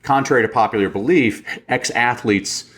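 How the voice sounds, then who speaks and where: A man as a podcast guest, telling animated stories in casual chat and acting out the quotes. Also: medium pitch, moderate pace. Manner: animated storyteller, acts out quotes.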